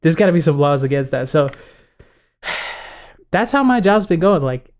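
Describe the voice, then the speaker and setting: A man's voice: on the high side, unhurried. A young man telling a story in casual podcast chat, acting out what others said and laughing often. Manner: animated storyteller, acts out quotes, laughs often. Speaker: podcast co-host.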